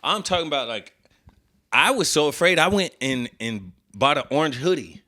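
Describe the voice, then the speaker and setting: A man's voice: a little high, normal speed. A man hosting a podcast, telling stories in casual chat and calling his co-host "bro" and "brother". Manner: animated storyteller, keeps calling the listener "bro" and "brother".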